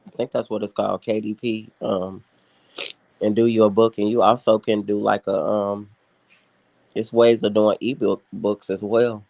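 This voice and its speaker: A man in a casual group chat, giving steady advice with frequent ums. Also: fairly low pitch, normal speed, creaky, no echo. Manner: advising, steady, filler-heavy.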